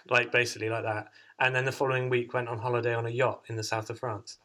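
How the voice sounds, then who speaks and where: A man's voice: mid-range voice, little pitch movement, quick pace, bright, forceful tone. A man hosting a casual podcast chat, chatty and jokey, often laughing as he talks. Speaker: podcast host and songwriter.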